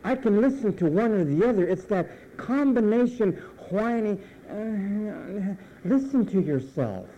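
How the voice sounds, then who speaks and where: A man preaching with a high but mellow, dark-toned voice. He speaks emphatically and lets his phrase endings drop low and slow. The sermon is heard on a slightly dull lo-fi recording. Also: animated, slight background noise. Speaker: pastor.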